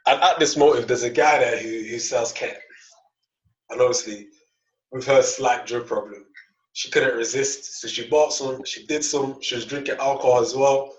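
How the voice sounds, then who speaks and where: A man's voice: mid-range voice, steady tone, moderate pace. Young male podcast co-host, casual storyteller, stammers and plays out the dialogue; distant, roomy, muffled recording. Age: young adult. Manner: rambling, repeats words, acts out dialogue. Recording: echoey, distant, dull lo-fi mic.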